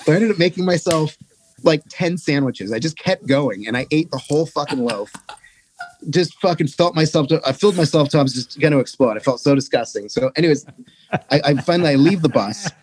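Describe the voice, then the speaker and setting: A man's voice: on the high side, animated, a little fast, a little mellow, breathy edge. A young man casually telling a rambling, profane touring story as a podcast guest.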